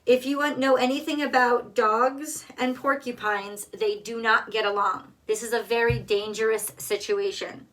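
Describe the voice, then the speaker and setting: A woman's voice: on the high side, fairly even intonation, normal speed, hardly any pauses, fairly bright tone. A woman giving a casual tarot card reading in a blunt, emphatic way, swearing freely. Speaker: tarot reader.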